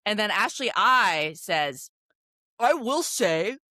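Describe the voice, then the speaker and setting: A woman co-hosting a casual recap podcast, telling the story in an animated way and acting out quotes with frequent laughter. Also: mid-range voice, takes it slowly, no echo, clean studio sound. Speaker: podcast co-host.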